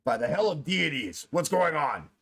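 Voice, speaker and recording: A man's voice: mid-range voice, moderate pace, close to an everyday voice. A man voicing a large, bored, irritable human guard who barks out orders in a tabletop game. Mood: angry. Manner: gruff, shouting orders.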